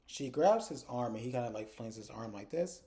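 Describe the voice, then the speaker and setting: A man's voice: medium pitch, lively intonation, a little fast, dark tone. A man casually recapping a TV episode, blunt and chatty, talking straight to his viewers. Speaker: TV episode reviewer.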